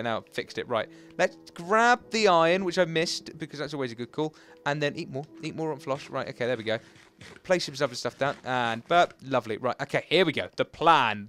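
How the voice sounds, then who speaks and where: Excitable young man gaming. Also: fairly high pitch. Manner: excitable, chatty, self-mocking. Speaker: gaming channel host. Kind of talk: Let's Play commentary.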